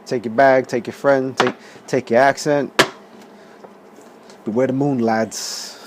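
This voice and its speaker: A man voicing a hostile rural pub man who shouts strangers out of his pub in a gruff manner. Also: medium pitch, steady tone, takes it slowly, noisy background, natural voice.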